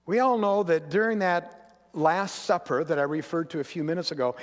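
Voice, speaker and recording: A man preaching a sermon as pastor, earnest and storytelling, sometimes dropping to quiet intensity. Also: high voice, lively intonation, moderate pace. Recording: long reverb of a large hall.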